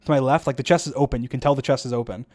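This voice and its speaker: A man casually commentating over his own gameplay footage, rambling fast with lots of fillers and frequent laughs. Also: medium pitch, fairly even intonation, a little mellow.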